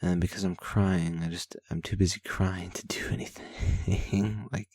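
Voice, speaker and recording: A man's voice: low voice, fairly even intonation, measured pace, a little mellow, slightly rough, no room sound. A man hosting a vlog, candidly reading his daily journal aloud, rambling and self-deprecating with blunt swearing. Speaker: vlog host.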